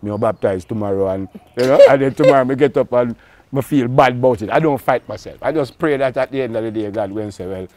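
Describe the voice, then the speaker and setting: A man's voice: medium pitch, quick pace, darkish tone, a little hiss or hum. Earnest man. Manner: earnest, repeats words as he searches for them. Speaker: guest. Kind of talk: candid reflective conversation.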